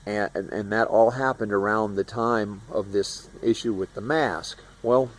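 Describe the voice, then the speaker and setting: A somewhat low-voiced man in his sixties from Florida tells a long first-person story. He rambles and circles back, and he jumps into loud voices when he quotes the people in it. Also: fairly even intonation, unhurried.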